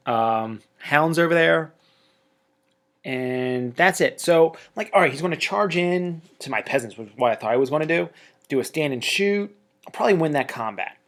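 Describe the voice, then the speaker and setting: A man narrating a tabletop wargame battle report in a casual, chatty way, with excitable jokey asides. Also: a little high, normal speed.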